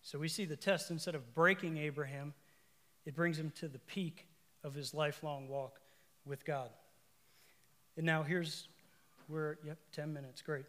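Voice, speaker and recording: Male preacher, higher voice, conversational sermon with asides and emphatic repeats. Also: fairly even intonation, a little slow, pauses often, fairly bright tone. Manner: asides to the congregation and self-corrections.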